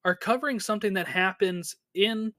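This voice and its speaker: A man with a notably high voice recaps a TV episode in a loose, chatty podcast style. He keeps tossing questions to his co-host and fills gaps with "you know" and "um". The sound is close and dry, with no room around it. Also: moderate pace, bright, forceful tone, no echo. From United States. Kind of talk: casual chat recapping a TV episode.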